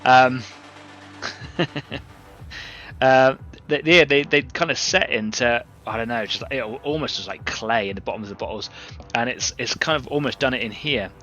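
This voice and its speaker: A man's voice: medium pitch, normal speed, pushed and bright, dull audio, faint music behind. A man hosting a live painting stream, talking casually and rambling as he works and greets viewers from the chat.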